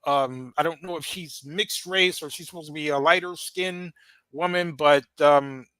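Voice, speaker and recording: This man's voice is a little high, a bit bright, clear and resonant. He speaks unhurriedly with no room sound. Hosting a podcast, he keeps his commentary conversational, laughing often and using lots of fillers.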